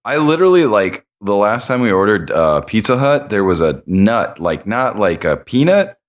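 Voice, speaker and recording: A man co-hosting a casual podcast, laughing often as he makes blunt, jokey remarks. His pitch swings up and down a lot. His home mic sounds dull and lo-fi. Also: sing-song, moderate pace. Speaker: podcast co-host. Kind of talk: casual chat.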